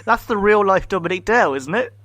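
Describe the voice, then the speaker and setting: Male host, high voice, teasing and pushy; dry close mic. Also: expressive, quick pace, fairly bright tone, dry recording. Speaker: podcast host. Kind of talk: casual comedy chat.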